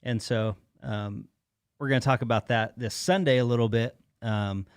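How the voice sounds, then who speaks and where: A man's voice: medium pitch, no echo, clean studio sound. A man, a pastor, co-hosting a casual live-stream chat in an easygoing, rambling way. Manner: easygoing, rambling, retells stories conversationally. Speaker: pastor and co-host.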